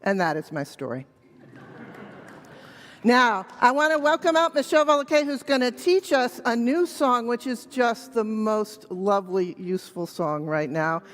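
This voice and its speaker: A woman telling a children's story gently and slowly to a church congregation. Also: on the high side, animated. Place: church sanctuary. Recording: reverberant church hall.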